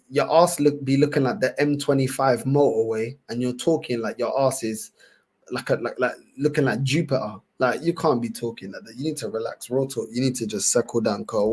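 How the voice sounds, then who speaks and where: A young man with a London accent hosts a livestream and reacts to clips in loose, slang-heavy chat. He laughs often and circles back to the same phrases. His voice sits at an ordinary pitch for a man. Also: slightly rough. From England. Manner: animated, laughing, repetitive slang-heavy banter. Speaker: livestream host.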